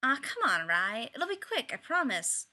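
Girl reading a goofy teen jock, begging and coaxing, kinda bright voice. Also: fairly high pitch, sing-song, normal speed, full character voice. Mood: wheedling. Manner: wheedling, pleading, casual. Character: goofy, easygoing teenage jock boy.

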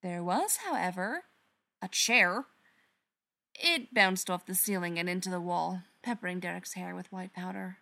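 A woman narrating a story aloud in an expressive storytelling manner. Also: fairly low pitch, normal speed, vocal fry. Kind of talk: reading fan fiction aloud.

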